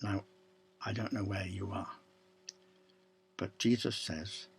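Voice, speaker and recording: A man preaching a sermon, slow and deliberate, with long pauses and quiet drops to a near-whisper. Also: on the low side, expressive, creaky, breathy edge, dry recording. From Ireland.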